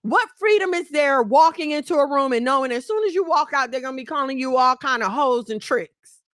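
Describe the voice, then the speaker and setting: Middle-aged woman ranting at the ladies on her channel, high voice, real dry sound, blunt and animated. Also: a little fast, no room sound. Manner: blunt, scolding, animated, breaks into laughter. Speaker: channel host. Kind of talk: preachy commentary to women.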